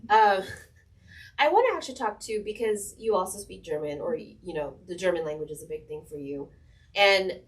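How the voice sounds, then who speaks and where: A woman's voice: lowish voice, expressive, moderate pace, far from the mic. Enthusiastic woman interviewer, a bit off-mic. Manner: enthusiastic, rambling questions. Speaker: interviewer, fellow author. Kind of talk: casual conversational interview.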